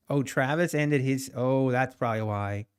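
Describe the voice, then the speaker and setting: A man's voice: medium pitch, clean tone. Chuckling man live-streaming his trading. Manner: rambling, laughs often, answers chat. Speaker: live-streaming day trader. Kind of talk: casual live-stream chat.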